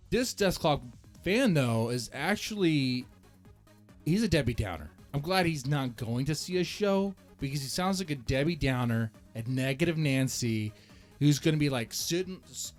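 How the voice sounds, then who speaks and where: Male reaction host, casual rambling rant, jokey and self-deprecating, mid-pitched, soft music bed. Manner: rambling, joking, self-mocking, animated swings in pitch. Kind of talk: casual ranting commentary.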